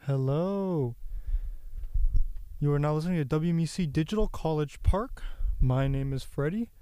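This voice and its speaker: A man's voice: a little high, moderate pace, warm tone, smooth, no echo. A young man hosting a late-night college radio show, a bit out of breath, laid-back and rambling. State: slightly out of breath.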